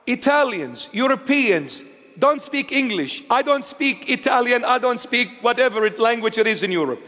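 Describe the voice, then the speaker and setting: A man of Assyrian heritage preaching a sermon, telling stories in an animated way that swings between loud declarations and hushed asides. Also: very high voice, normal speed, big-room sound.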